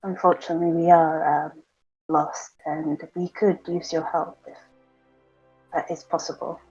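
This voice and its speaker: A woman's voice: low-pitched, level tone, unhurried, warm tone, slightly rough, dull audio, faint music behind. A woman playing a tabletop game as a player, speaking hesitantly with many "um"s.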